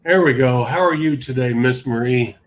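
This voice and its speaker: A middle-aged man hosts a business podcast in a relaxed, chatty way. His voice sits at an everyday pitch, and he laughs easily as he talks. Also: moderate pace. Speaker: podcast host. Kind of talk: casual chat.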